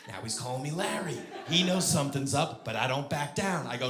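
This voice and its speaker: A man doing stand-up storytelling on stage, animated and acting out voices. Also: mid-range voice, normal speed, hardly any pauses. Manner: animated, acts out voices with big shouted peaks. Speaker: stand-up comedian. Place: theater stage with live audience. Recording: roomy live venue with crowd laughter.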